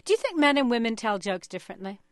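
A woman with a fairly high voice hosts a public radio interview. She asks questions in a measured, conversational way, and her voice sounds close and dry with no room around it. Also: big pitch swings, dry recording.

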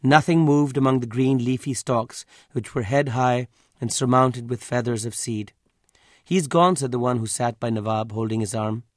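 A man reading a literary story aloud as an audiobook narrator, measured and even. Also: mid-range voice, dry recording, clean studio sound.

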